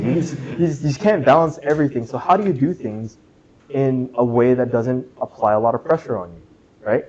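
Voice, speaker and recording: A man's voice: medium pitch, brisk, darkish tone, dull audio. A young man giving a casual club lecture to students, jokey and chatty, asking the room questions and saying "right?" a lot. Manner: chatty, asks the room questions, jokes, says "right?" often. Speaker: club workshop presenter. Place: classroom.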